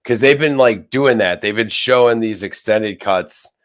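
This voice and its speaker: Male panelist, lowish voice, measured and plain. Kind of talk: casual chat.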